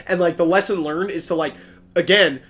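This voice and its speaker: A man's voice: on the high side, brisk, a bit bright. A young man from New Jersey, co-hosting a podcast, tells rambling, filler-heavy stories full of acted-out quotes. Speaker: podcast co-host. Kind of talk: casual chat.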